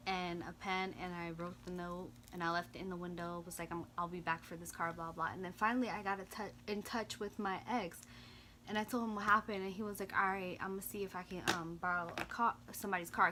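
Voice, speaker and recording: Young woman, bright voice, animated storytime vlogger, faint background hiss. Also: quick pace. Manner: animated, swings into loud high-pitched retellings of quoted lines; drops to quiet, low mumbling in reflective parts. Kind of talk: casual storytime.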